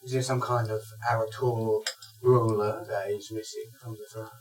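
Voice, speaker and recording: A woman's voice: a bass voice, level tone, normal speed, darkish tone. A woman player in a tabletop game, playful and showy, heard on a distant mic with faint music. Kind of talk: in-character tabletop play.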